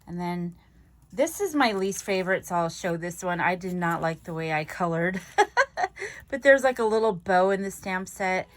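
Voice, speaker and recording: A woman's voice: on the low side, expressive, normal speed. A woman vlogger casually chatting as she shows off her handmade craft tags, giggly and self-deprecating. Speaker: papercraft vlogger. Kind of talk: casual show-and-tell chat.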